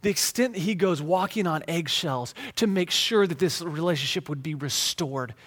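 Guy preaching, fairly high voice, chatty and emphatic, lots of restarts. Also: fairly bright tone. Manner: conversational, emphatic preaching with quick repeats and restarts. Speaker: pastor. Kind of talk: sermon.

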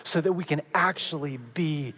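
A preacher delivering a sermon, building up with emphasis and then dropping to hushed, quiet endings. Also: mid-range voice, moderate pace, breathy edge.

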